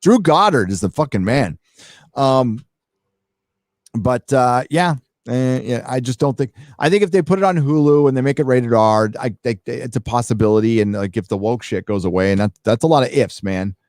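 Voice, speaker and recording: A man's voice: medium pitch, normal speed, darkish tone, no echo, clean studio sound. Swearing man ranting on a livestream. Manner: emphatic, swears freely, many fillers. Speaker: livestream host reading donations. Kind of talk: profane casual rant.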